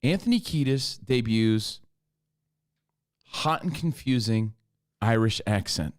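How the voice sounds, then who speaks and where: A man co-hosting a radio show, telling stories in casual, excitable banter. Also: mid-range voice, slow. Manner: animated, excitable storytelling.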